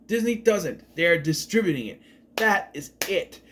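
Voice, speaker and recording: A man's voice: a little high, sing-song, normal speed, fairly bright tone. A man giving a casual, enthusiastic spoken review of a TV show, rambling and often correcting himself.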